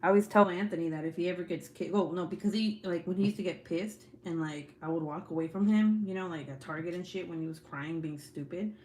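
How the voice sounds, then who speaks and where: A livestream host with several young kids talks fast with hardly any pauses, joking with viewers about her children, laughing often and swearing freely in slangy, casual chat. Her voice is on the low side and a little mellow, with slight background noise.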